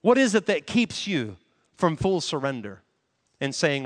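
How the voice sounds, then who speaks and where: A man's voice: a little high, big pitch swings, a little slow. A man preaching a sermon on a handheld microphone, earnestly asking the congregation questions. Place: church hall. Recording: long hall reverb.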